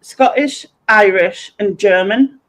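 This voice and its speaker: A woman's voice: medium pitch, slow pace, rough recording. North east english woman, mackem accent, easygoing stream host reading chat. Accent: Sunderland (Mackem). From North East England. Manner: chatty, greets viewers and reads comments aloud. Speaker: livestream host. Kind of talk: casual livestream chat.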